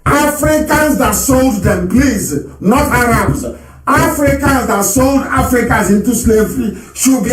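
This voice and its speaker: A man's voice: fairly high pitch, roomy sound. A man speaking on a live radio broadcast, emphatic, repeating his phrases and laughing often.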